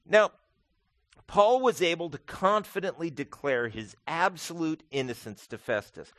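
A man's voice: a little high, expressive, unhurried, fairly bright tone, dry recording. A man preaching an expository sermon as pastor, earnest and emphatic, often repeating phrases for weight. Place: church.

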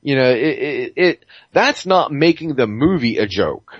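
A man's voice: mid-range voice, lively intonation, a little slow, no room sound, muffled recording. A man co-hosting a casual gaming podcast, rambling and swearing, with lots of fillers and restarts. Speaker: podcast co-host.

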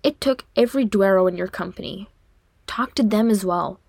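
A woman voicing a small, cheeky young male dwarf who teases his older brother in a high, pleading tone, for an audiobook reading. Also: moderate pace, creaky, no echo, studio quality. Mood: earnest. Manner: bright, teasing, high and pleading.

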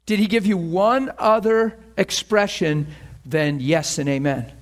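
Excited preacher guy, kinda high voice, acts out scenes and laughs a lot. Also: a little slow. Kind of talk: sermon.

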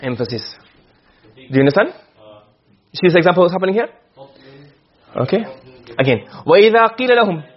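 A man with a high, slightly rough voice teaches Quranic rhetoric to a class, very animated and very fast, yet with long pauses. He answers his own questions as he goes, and the recording sounds dull and lo-fi.

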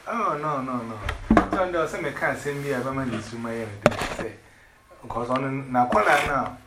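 A man rambling excitedly in casual chat, switching between pidgin English and Twi. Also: medium pitch, a little slow. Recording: echoey room with loud background noise.

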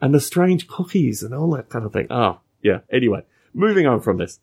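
A man with a gravelly edge in his voice chats casually on a podcast, spinning wry anecdotes with sarcastic asides. His pitch moves around a lot as he tells them, rising and dropping for effect. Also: sing-song, a little fast, a little mellow. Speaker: podcast co-host. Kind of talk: casual chat.

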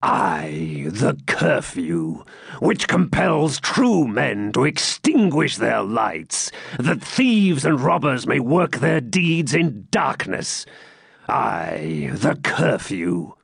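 A man's voice: medium pitch, big pitch swings, drawn-out words, vocal fry, fairly bright tone, breathy edge, dry recording, studio quality, exaggerated voice. A man voicing a proud, bitter old Saxon lord who speaks with indignant declamation in an audiobook reading.

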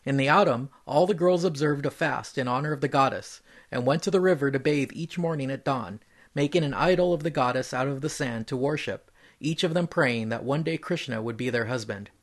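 A man reading a mythological story aloud in an even, measured storytelling voice. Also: mid-range voice.

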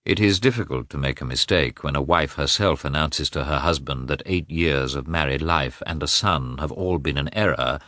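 A man's voice: rumbling low, normal speed, hardly any pauses, pushed and bright, no echo, studio quality. A man reading a cold, formal, wounded middle-aged husband who talks in a clipped way, for an audiobook. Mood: bitter. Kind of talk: audiobook character voice.

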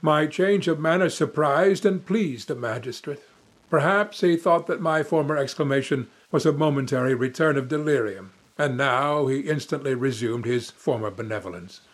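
A man's voice: medium pitch, normal speed. A young man narrating a classic novel in first person with dramatic, emotive delivery. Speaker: audiobook narrator.

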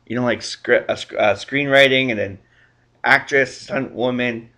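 A man's voice: medium pitch, steady tone, normal speed, pushed and bright. A man hosting a casual interview, upbeat and encouraging, with lots of short affirmations. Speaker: interview host.

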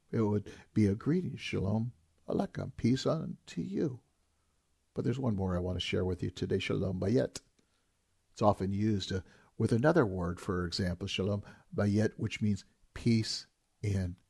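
A man's voice: lowish voice, gravelly, breathy edge. A man preaching a sermon as a pastor, talking in an earnest, emphatic way and repeating key phrases.

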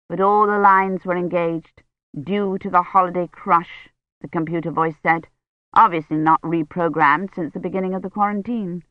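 A narrator reading a novel aloud in a measured, even storytelling voice. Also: mid-range voice, no echo. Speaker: audiobook narrator. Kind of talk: scripted audiobook narration. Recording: dry, dull lo-fi recording.

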